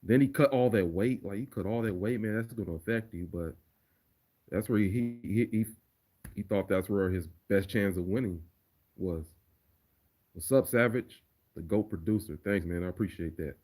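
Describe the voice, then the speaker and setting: Laid-back male streamer, lowish voice, loose and profane, casual Q&A delivery. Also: normal speed, darkish tone. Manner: laid-back, profane, repeats words while thinking. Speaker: livestreamer and remix producer. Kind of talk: casual livestream Q&A.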